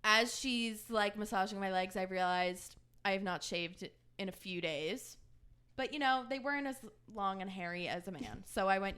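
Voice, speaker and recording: A young woman co-hosting a chat podcast, spinning a long anecdote. She slips into quick impressions of the people in the story, then goes back to her own relaxed, mid-pitched voice. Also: clear, resonant tone. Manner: animated storyteller who acts out quoted dialogue. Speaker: podcast co-host.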